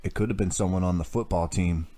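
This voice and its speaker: A man's voice: low-pitched, steady tone, fast, mellow, natural voice. A man reading the lines of a tired, shaken teenage boy. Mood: weary. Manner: tired and subdued.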